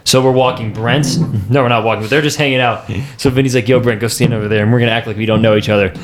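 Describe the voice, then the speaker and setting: A young man rattles through old stories on a podcast at a quick clip. His voice sits at an ordinary middle pitch, and his telling is loose and rambling, full of restarts as he chats with friends. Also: steady tone. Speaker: podcast host. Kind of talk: casual chat.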